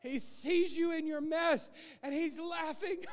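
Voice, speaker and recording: A man preaching a sermon, animated, often laughing and acting out scenes, heard with a long hall reverb. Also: very high voice.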